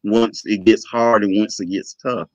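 Emotional and animated, an interview guest with a fairly low voice speaks a little slowly, acting out the dialogue in his personal story. The recording is dull, lo-fi, dry and echo-free.

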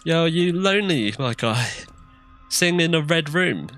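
A man's voice: fairly high pitch, expressive, measured pace, fairly bright tone, soft background music. A young man giving jittery let's play commentary on a horror game, shrieking when scared. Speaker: gamer.

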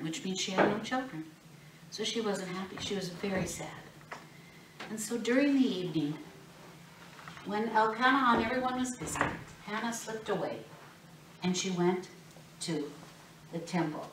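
Brief: lively woman children's Bible teacher, forceful tone, echoey room, far from the mic. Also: medium pitch. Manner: animated, expressive, asks kids questions. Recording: roomy, distant mic, faint noise.

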